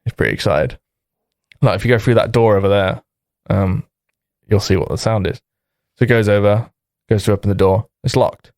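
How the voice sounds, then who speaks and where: A man's voice: fairly low pitch, normal speed, a little mellow, dry recording, studio quality. A man co-hosting a comedy podcast, telling a long joke in a rambling, casual way with lots of fillers. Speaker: podcast co-host.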